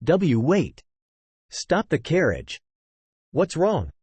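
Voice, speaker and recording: A man's voice: a little high, wildly swooping pitch, extremely slow, a little mellow, husky, no room sound, pitched above the performer's own voice, exaggerated voice. A synthetic male narrator voicing a startled man in a carriage who stammers in disbelief.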